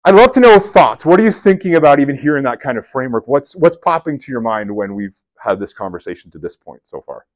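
A man giving a sermon in a conversational, animated storytelling way, with casual asides to his listeners. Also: mid-range voice, fast. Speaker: preacher.

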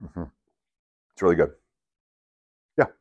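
A man giving a sermon in a conversational, animated storytelling way, with casual asides to his listeners. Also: slow, highs cut off. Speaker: preacher.

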